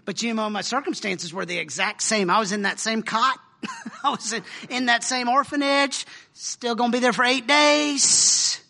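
A middle-aged man preaches in a loose, animated way, laughing and dropping casual slang as he talks through slides. His voice sits very high and sounds strikingly bright. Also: normal speed, gravelly. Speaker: speaker sharing a mission trip story. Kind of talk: informal sermon with slides.

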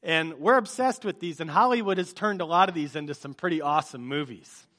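Man, pastor, sermon, joking and chatty, high voice, crowd game. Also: a little fast, a bit bright. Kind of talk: sermon opening with a movie-quote game. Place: church service before a live congregation.

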